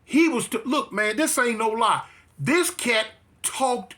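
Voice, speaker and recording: A man's voice: extremely high pitch, big pitch swings, slow pace, bright, forceful tone. A man casually telling a story, with streetwise slang, emphatic repeats and frequent restarts. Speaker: interview guest.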